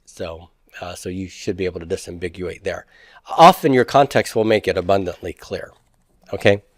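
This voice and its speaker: A man's voice: low voice, moderate pace, dry recording, studio quality. A man teaching Hebrew grammar in a lecture, who poses rhetorical questions and then answers them himself. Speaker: Hebrew instructor. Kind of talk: classroom lecture.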